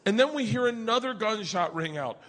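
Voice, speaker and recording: A man doing stand-up storytelling, loud and profane, acting out his family in quick voices. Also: high voice. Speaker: stand-up comedian. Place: large comedy venue, indoors. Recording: live venue with long reverb and audience noise. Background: crowd laughter and ambience.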